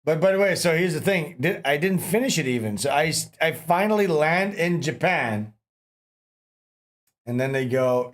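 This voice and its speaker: A man's voice: on the high side, lively intonation, moderate pace. A man hosting a livestream, telling long, rambling stories with lots of swearing, in casual chat. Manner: rambling, profane storytelling. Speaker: livestream host.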